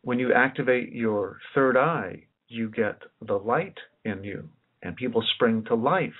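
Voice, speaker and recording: An independent researcher gives a rambling presentation in an expressive, mid-range voice that is a little slow with a breathy edge. He thinks aloud, repeating and restarting phrases often, on a tinny lo-fi recording.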